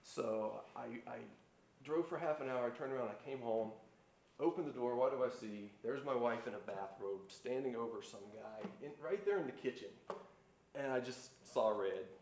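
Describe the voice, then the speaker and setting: Jealous husband, a man doing the voice, low and brooding, live room. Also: normal speed, darkish tone, slight background noise, close to an everyday voice. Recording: roomy live stage sound.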